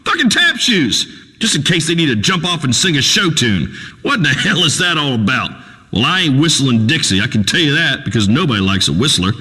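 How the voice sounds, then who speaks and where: An actor playing a crude, boastful redneck talk radio host in a video game, ranting in a folksy drawl. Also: male voice, a little high, very animated, fairly quick, slightly rough, in a large hall, exaggerated voice. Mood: swaggering. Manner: loud folksy swaggering rant, Southern drawl.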